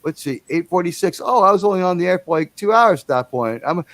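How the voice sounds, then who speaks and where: Man, livestream host, casual rambling chat, slightly high voice, dry close sound. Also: lively intonation, fast talker, fairly bright tone, no echo. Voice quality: rambling, profane, enthusiastic.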